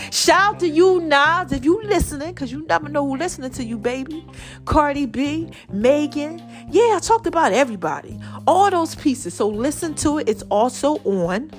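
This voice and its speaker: Woman podcast host, slightly high voice, chatty and familiar, soft music underneath. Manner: chatty, addresses listeners as y'all and baby. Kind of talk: casual solo podcast talk.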